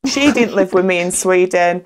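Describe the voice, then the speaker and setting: A woman's voice: fairly low pitch, normal speed. A woman, a podcast co-host telling a candid, funny personal story in casual chat. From England.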